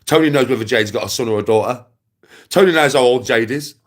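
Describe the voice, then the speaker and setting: Ranting casually at the camera, a West Midlands man taunts and mocks, circling back to the same jibes and laughing as he goes. The vlogger's voice is mid-range, and he talks at a quick pace.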